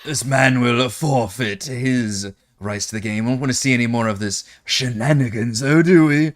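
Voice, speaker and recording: A man voicing a fussy, overly polite male casino official who speaks softly and genteelly. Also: mid-range voice, moderate pace, dry recording, studio quality, lightly acted. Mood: smooth.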